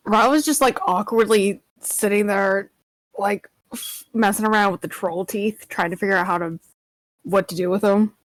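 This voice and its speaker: A woman's voice: medium pitch, fairly even intonation, normal speed, no echo, low-quality recording. A young woman playing a tabletop game, talking bluntly and rambling. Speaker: player. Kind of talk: casual tabletop game chat.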